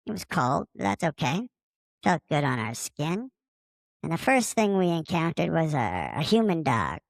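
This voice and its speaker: Gravelly low-voiced alien guy, played by a man, immature, rambling, loves swearing, dry close sound. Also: big pitch swings, normal speed, no echo. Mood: chatty. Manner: rambling, casual, fond of swearing. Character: friendly, immature male space alien taking over a podcaster's body. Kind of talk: casual improvised monologue.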